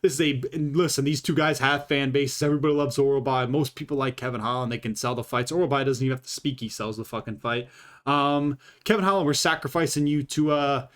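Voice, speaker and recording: Solo commentator, man, loose and profane, mid-pitched voice, chatty and unscripted. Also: quick pace, a bit bright. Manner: profane and rambling, with many fillers. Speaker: YouTube fight commentator. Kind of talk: casual commentary.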